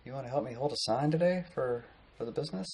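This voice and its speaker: A man's voice: medium pitch, quick pace, a little mellow, slight background noise, pitched above the performer's own voice, natural voice. A man putting on a desperate older man who keeps pleading for help with his new massage business. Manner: pleading, insistent.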